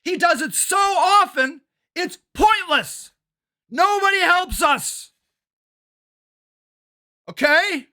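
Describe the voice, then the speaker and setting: An older man, a local activist and council candidate, ranting angrily and swearing in a shouting monologue. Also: very high voice, animated. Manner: shouting, swearing, fast and agitated. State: angry and worked up.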